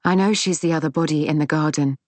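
A woman reading the part of a bitter, angry middle-aged daughter who speaks crisply, in a storybook reading. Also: low voice, fast, darkish tone, no room sound, lightly acted. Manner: crisp, hard-edged.

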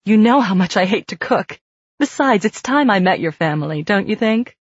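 A woman's voice: mid-range voice, expressive, moderate pace, slightly rough, no echo. A woman voicing a glamorous, doting young wife who talks breathlessly and fusses. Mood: fussing. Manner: breathless, gushing, fussing. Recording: dull dry studio read.

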